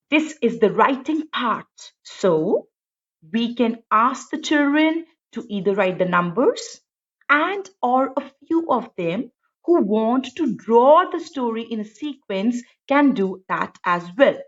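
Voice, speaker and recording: A woman teacher reads a picture book aloud in an expressive, sing-song way and asks her listeners many questions. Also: fairly high pitch. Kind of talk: storybook read-aloud lesson. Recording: dull lo-fi recording.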